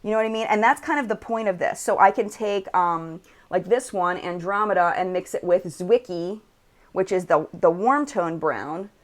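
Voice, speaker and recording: A woman's voice: on the low side, moderate pace. An American woman hosting a casual live chat, reading viewer comments aloud and showing makeup on camera.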